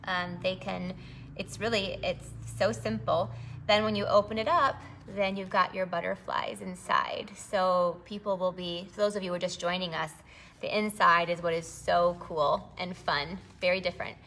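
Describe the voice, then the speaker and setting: A woman's voice: lowish voice, steady tone, moderate pace, fairly bright tone. A middle-aged woman, chatty and bubbly, leading a live-streamed papercraft demonstration from her home craft space.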